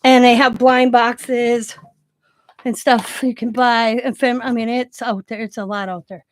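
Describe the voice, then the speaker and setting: A chatty middle-aged woman with a slightly high voice talks loosely through a crafting session, laughing and restarting her thoughts as she goes. Faint noise hums behind her. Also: flat delivery, measured pace. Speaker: crafting channel host. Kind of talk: casual crafting chat.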